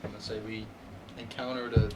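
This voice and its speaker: A man playing a tabletop game who speaks haltingly, often repeating words. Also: fairly low pitch, level tone. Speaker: player. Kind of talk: in-character tabletop play. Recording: distant mic with room noise.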